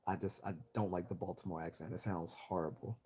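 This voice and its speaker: A man's voice: low-pitched, fairly even intonation, a little fast, warm tone, a little hiss or hum. A man with a Northeastern American accent hosting a livestream, rambling and opinionated as he reads out the chat, often restarting his sentences. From Chicago. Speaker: livestream host reading chat.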